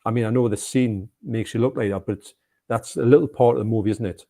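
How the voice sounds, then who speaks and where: A man, co-hosting a casual film chat, enthusiastic and quick to laugh, often restarting his sentences. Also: mid-range voice, mellow. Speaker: co-host.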